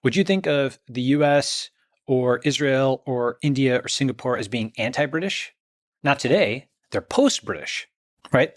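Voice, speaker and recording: Male guest, emphatic explainer, tags his points with "right?", mid-pitched voice. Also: animated, unhurried, no echo, clean studio sound. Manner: emphatic, checks in with "okay?" and "right?". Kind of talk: conversational interview.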